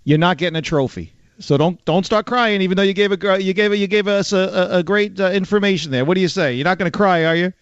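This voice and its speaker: Bronx guy hosting talk radio, teasing callers, kinda high voice, dry close sound. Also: clean tone, no echo, highs cut off. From the Bronx, New York. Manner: joking, teasing, brisk. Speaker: radio talk show host.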